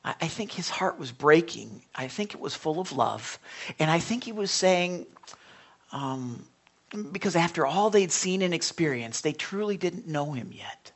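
A man's voice: on the high side, animated, unhurried. A male pastor of Italian background delivers a sermon in an earnest, conversational way. He often stumbles and restarts as he builds his points.

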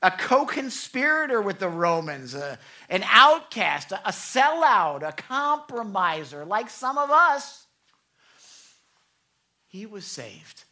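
A woman preaching a sermon in an animated way. She often stammers and repeats words, and she acts out the people she quotes. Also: medium pitch, slow pace.

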